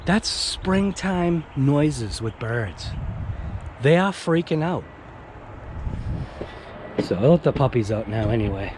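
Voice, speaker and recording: Chatty man vlogging outdoors, lively pitch. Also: slow, pauses often. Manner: chatty, laughs often, talks to himself. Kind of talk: casual self-talk vlog. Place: outdoors in a snowy driveway. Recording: loud outdoor wind and vehicle noise.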